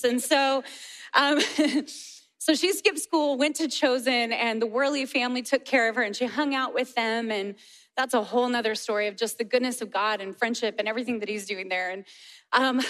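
High-pitched lady preacher in her 40s, lively storytelling on a church stage. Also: moderate pace. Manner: animated storytelling with laughter. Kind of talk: sermon testimony.

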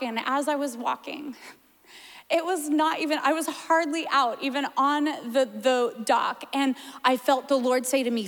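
High-voiced woman preaching in a hall. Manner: animated, playful, tearful at times. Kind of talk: sermon.

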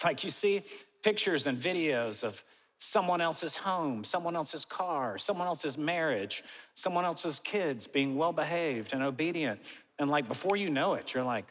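A pastor in his forties giving a conversational sermon, animated, with self-mocking asides. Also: a little high, moderate pace, long reverb tail, low-quality recording. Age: 40s.

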